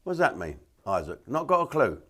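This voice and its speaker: A man's voice: medium pitch, wildly swooping pitch, a little fast, bright, forceful tone, husky. An older man, a comedian ranting bluntly in an opinionated monologue and putting on voices for the people he quotes. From England. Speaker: comedian host.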